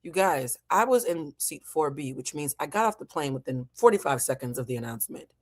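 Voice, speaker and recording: A woman from New England tells a wild travel story to her audience, swearing freely and putting on the voices of the people in it. Her voice sits a little low but swings up high when she gets worked up. The delivery is loose and casual. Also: expressive, brisk. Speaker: host.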